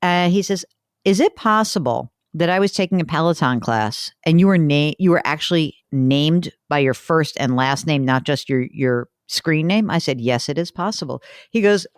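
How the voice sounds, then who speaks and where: Woman host, middle-aged, casual chat, lively swooping pitch, dry close sound. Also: normal speed, dry recording. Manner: chatty, animated storytelling with laughs.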